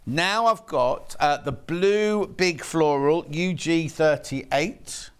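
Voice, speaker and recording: A man on the high side with a smooth voice takes it slowly as he presents on a live shopping channel. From the TV studio, he chats, gushes about fabrics, and banters with the crew behind the camera.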